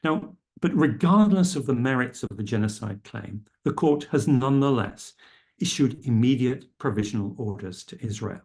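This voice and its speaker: A middle-aged man giving a formal lecture, measured and careful, quoting legal texts precisely. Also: mid-range voice, expressive, gravelly, a little mellow, breathy edge. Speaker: speaker at a public health lecture. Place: lecture room.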